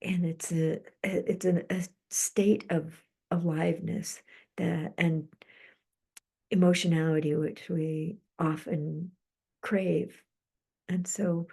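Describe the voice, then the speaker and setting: A middle-aged woman hosting a live-streamed psychic channeling session, speaking slowly and soothingly and drifting into soft whispers. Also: lowish voice, husky.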